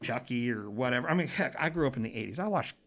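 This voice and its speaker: A man in his forties chats loosely as an interview guest, his voice sitting at an ordinary middle pitch. He rambles and restarts his sentences with an earnest tone. He is a paranormal investigator, and he tells his story casually. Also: lively intonation, fast, a bit bright.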